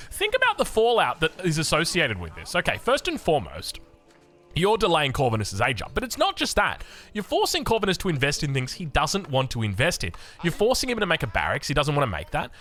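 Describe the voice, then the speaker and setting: A man with an Australian accent casting a strategy game in excitable, chatty commentary. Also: high voice, brisk. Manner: excitable, animated, chatty, laughs often. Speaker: game caster.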